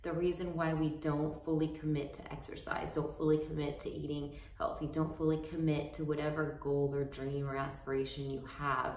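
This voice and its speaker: A woman's voice: sits low, level tone, normal speed, hardly any pauses, darkish tone, slight background noise. Earnest woman coach in an echoey room. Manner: earnest, encouraging, rambling with restarts. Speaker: fitness coach and business owner. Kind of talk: motivational talk to camera. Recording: roomy echo, mic far off.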